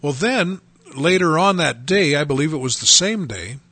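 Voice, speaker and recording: A man from North Dakota giving a personal testimony, telling his story earnestly and haltingly with many restarts. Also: fairly high pitch, expressive, fairly bright tone, no room sound.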